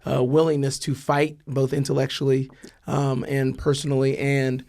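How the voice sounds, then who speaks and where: A man hosting an interview podcast, speaking in a measured, reflective way with frequent ums and uhs. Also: medium pitch, monotone, vocal fry, darkish tone. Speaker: podcast host. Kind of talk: conversational interview.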